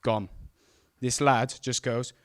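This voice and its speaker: A man's voice: medium pitch, slow, dry recording, clean studio sound. Man telling a live story. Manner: animated, self-mocking, acts out the scenes. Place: stage at a live event.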